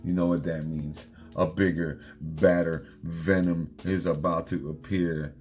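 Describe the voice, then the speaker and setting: A man casually recapping a comic issue, excitedly retelling scenes and quoting the characters' lines. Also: low-pitched, unhurried, faint music behind. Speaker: comic book reviewer.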